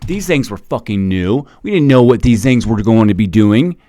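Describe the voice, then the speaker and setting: A man's voice: fairly low pitch, lively intonation, moderate pace, dark tone. A man in his forties ranting in casual commentary, heated and swearing, with many restarts and repeated words. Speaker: commentator reacting to a video. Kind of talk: casual rant.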